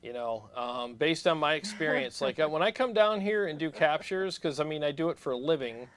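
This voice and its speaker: A man hosting a casual livestream, animated and blunt, laughing often as he talks shop. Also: a little high, fairly quick, clear, resonant tone, no room sound. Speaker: host of a guitar gear livestream.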